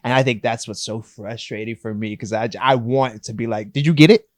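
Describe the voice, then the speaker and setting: A man's voice: on the low side, fairly even intonation, a little fast, dry recording, studio quality. A man co-hosting a book podcast, speaking thoughtfully with hesitant restarts. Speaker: podcast co-host. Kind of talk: casual book discussion.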